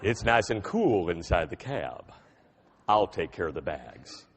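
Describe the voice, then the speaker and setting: A man voicing a friendly male Texan cab driver with a very deep voice. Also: big pitch swings, unhurried, husky, exaggerated voice. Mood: welcoming.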